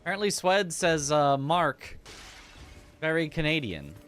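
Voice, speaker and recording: A man's voice: on the high side, big pitch swings, unhurried, fairly bright tone, soft background music. A young man streaming a game, chatting casually with his chat, laughing often and musing aloud about how words are pronounced. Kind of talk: casual livestream chat while gaming.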